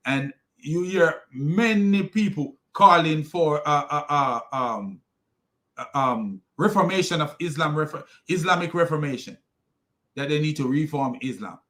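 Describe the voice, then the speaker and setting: Reacting critically to a clip, this religious commentator argues his points with many fillers and restarts. He speaks a little slowly in a slightly high, expressive, fairly bright voice.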